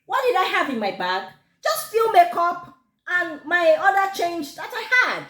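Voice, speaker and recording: A woman with a Nigerian accent telling a personal story to camera, animated and quick to laugh. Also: very high voice. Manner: animated, laughs often, gives advice. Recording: echoey room.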